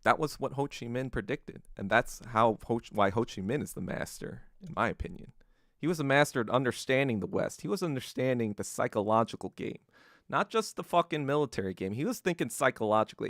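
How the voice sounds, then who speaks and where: A podcast host tells history in a loose, casual monologue packed with swearing and acted-out quotes. His medium-pitched voice is very animated and a bit bright, at a normal speed. The recording is studio quality with no room sound.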